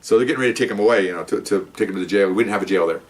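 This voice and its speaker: A man's voice: on the low side, racing. An older man, a former police detective, casually telling a rambling story and acting out the other people's lines.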